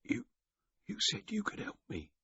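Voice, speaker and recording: A man voicing a hungover, frightened young stable hand with an English accent, croaking and hoarse, surly at first and then desperate. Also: low voice, expressive, a little slow, bright, forceful tone, no echo, lo-fi sound, exaggerated voice.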